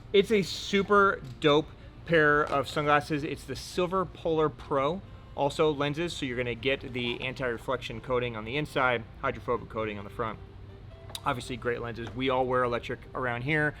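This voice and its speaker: A man's voice: mid-range voice, normal speed, sharp tone, faint music behind. A man hosting a casual product rundown indoors, upbeat and joking, swearing casually now and then. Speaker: host. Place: indoor room.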